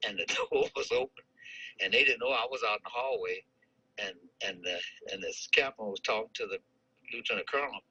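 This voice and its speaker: A man's voice: lowish voice, wildly swooping pitch, brisk, pushed and bright, slightly rough, highs cut off. A man in his eighties from St. Louis, recalling his army days in a life-story interview, rambling with many restarts and chuckles. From St. Louis, United States. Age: 80s.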